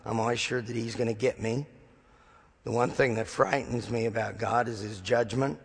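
A male pastor delivers a sermon in a gravelly, slightly husky voice. He tells stories with dry humor, slipping into the voices of the people in them. His words echo with the long reverb of a large sanctuary. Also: mid-range voice, fairly even intonation, normal speed. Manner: storytelling with dry humor, acting out dialogue.

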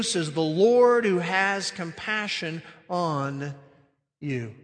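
Slow-preaching man in a reverberant hall. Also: sits high, a bit bright. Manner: earnest, emphatic, drawn-out phrases. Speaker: pastor. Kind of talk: sermon.

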